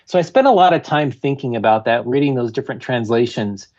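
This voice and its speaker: A man's voice: medium pitch, lively intonation, fast, a little mellow. Earnest man, dull lo-fi sound. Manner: earnest, careful reader of quotes. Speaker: podcast guest. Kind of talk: casual discussion.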